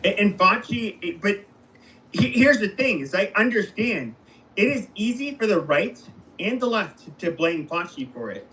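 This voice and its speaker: Halting man arguing politics. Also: high voice, big pitch swings, pushed and bright, a little hiss or hum, rough recording. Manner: halting, many restarts, argumentative. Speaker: mayoral candidate and host. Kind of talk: casual political debate.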